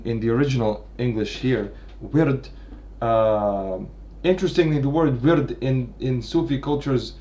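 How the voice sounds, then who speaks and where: A literature commentator with a mellow, medium-pitched male voice talks through a literary work off the cuff. He thinks aloud, often restarting his sentences and checking in with "right?"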